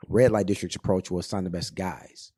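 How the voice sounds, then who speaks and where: A man's voice: low voice, steady tone, moderate pace, warm tone, dry recording, clean studio sound. A man in his forties telling stories as a podcast guest in a loose, profane way, full of fillers. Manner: loose and profane, with many fillers and acted-out quotes. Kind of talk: casual storytelling.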